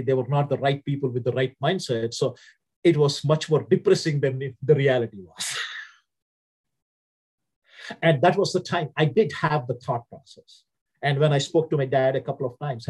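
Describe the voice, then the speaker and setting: A husky-voiced man with an Indian accent, speaking as a guest in an interview. His storytelling is earnest and plainspoken, steady and reflective. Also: mid-range voice, normal speed.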